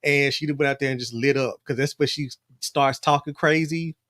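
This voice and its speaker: A man chatting on a podcast, telling stories with lively energy and acting out other people's lines. His voice sits mid-range and sounds dry and close, with no room around it. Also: mid-range voice, moderate pace, no echo. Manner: animated storyteller, acts out quotes, laughs often. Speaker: podcast co-host. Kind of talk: casual chat.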